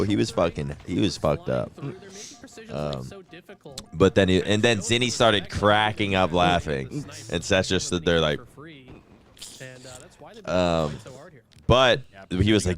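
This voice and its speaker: Deep-voiced man telling casual stories. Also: measured pace, long pauses. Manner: loose and profane, acts out voices in anecdotes. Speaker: streamer host.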